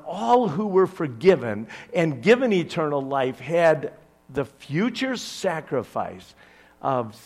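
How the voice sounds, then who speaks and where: Slow, animated male preacher. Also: a little high. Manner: animated storytelling with big swings between loud and hushed. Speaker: pastor. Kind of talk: sermon.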